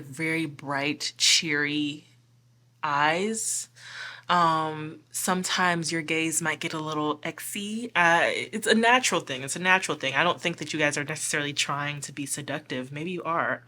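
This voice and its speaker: Bright-voiced giggly woman tarot reader. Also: sits low, a little slow. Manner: chatty and giggly, with many filler "like"s. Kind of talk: casual pick-a-card reading.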